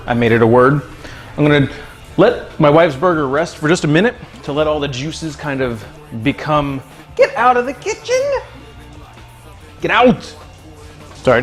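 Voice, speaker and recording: A man casually chatting while cooking in his home kitchen on a live stream, joking and calling out viewers by name. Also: medium pitch. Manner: excitable, jokey, thanks viewers by name. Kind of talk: casual livestream chat.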